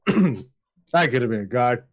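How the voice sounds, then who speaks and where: A man's voice: medium pitch, expressive, slow, dull audio. A man voicing a drunken, aggressive male tavern brawler who slurs his words. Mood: drunk, belligerent. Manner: slurring, aggressive.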